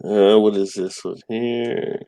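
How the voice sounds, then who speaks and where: Gravelly low-voiced male stream host. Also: takes it slowly, dry recording. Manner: laughs often, relaxed rambling. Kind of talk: casual chat.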